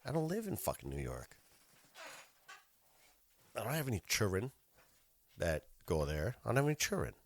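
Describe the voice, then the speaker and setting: A man's voice: on the low side, huge pitch swings, moderate pace, creaky, pauses often. A man hosting a podcast, telling an annoyed story in a casual, profane rant and acting out both sides of his phone calls. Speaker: podcast host.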